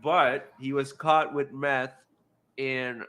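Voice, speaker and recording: A man's voice: medium pitch, level tone, slow pace, fairly bright tone. A man co-hosting a livestream, explaining things and reading out viewer questions. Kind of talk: casual livestream chat.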